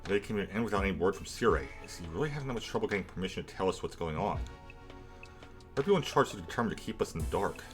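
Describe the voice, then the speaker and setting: Fast, wry man reading game lines. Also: deep voice, animated. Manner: brisk, wry reading with joking asides. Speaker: game playthrough reader. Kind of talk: reading game dialogue aloud. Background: game music.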